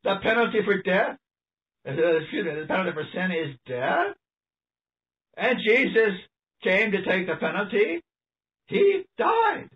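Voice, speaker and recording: A man preaching an animated, emphatic sermon, reading passages aloud and laughing often. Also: sits high, moderate pace, long pauses. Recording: distant mic, dull lo-fi sound.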